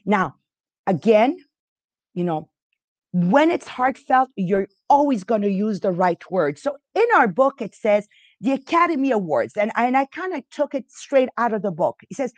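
Woman host, halting and restarting, dry close sound, mid pitch. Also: sing-song, dry recording. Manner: halting, restarts often, unsure of pronunciation. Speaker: podcast host leading a reading group. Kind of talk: casual spoken teaching.

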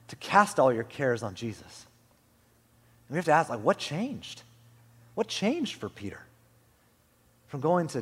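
A male pastor preaching a sermon in a church, passionate, rising to loud urging and dropping to hushed whispers. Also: mid-range voice, big pitch swings, moderate pace, long pauses, husky. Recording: echoey hall with soft music.

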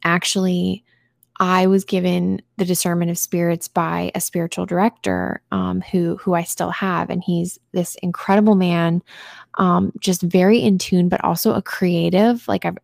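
A woman's voice: fairly low pitch, gravelly, darkish tone, no echo, clean studio sound. A woman in her thirties co-hosting a faith podcast, telling a personal story in an earnest, chatty way. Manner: earnest storytelling, reads prayer text aloud. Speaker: podcast co-host. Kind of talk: casual faith chat.

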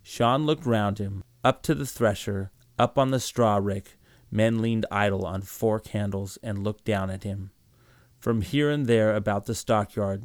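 Man narrator, steady measured storytelling, lowish voice, dry close sound. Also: no room sound. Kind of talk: storybook reading.

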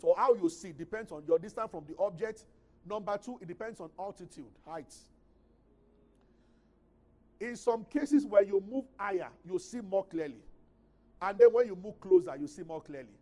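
High-voiced Nigerian pastor preaching. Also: male voice. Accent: Nigerian English. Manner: preaching with swings from loud emphatic reading to quiet asides. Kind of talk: sermon.

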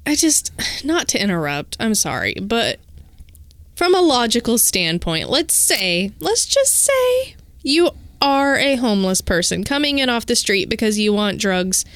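Woman, casual chat, quick asides, lively pitch, dry close recording. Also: dry recording. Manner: interjects with short reactions and asides.

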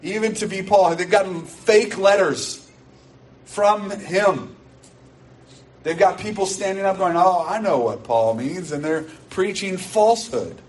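A man's voice: high voice, measured pace. A man preaching a sermon in an earnest, emphatic way, repeating key phrases to drive them home. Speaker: pastor. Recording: distant mic with faint background noise.

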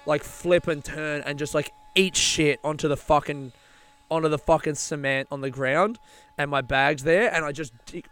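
A man's voice: a little high, fairly even intonation, normal speed, fairly bright tone, clear, resonant tone. A young man telling a long casual anecdote, rambling and swearing, laughing often. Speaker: storyteller.

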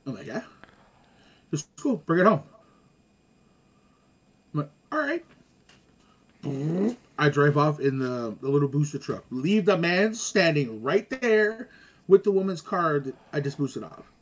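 Animated slangy man telling stories. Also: fairly high pitch, normal speed. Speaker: guest. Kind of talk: casual storytelling chat.

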